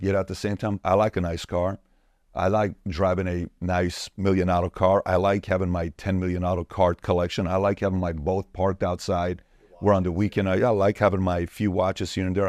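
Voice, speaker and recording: Emphatic man, low voice, dry sound. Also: darkish tone, no echo. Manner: emphatic and repetitive, punchy lists. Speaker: entrepreneur guest. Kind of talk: podcast interview answers.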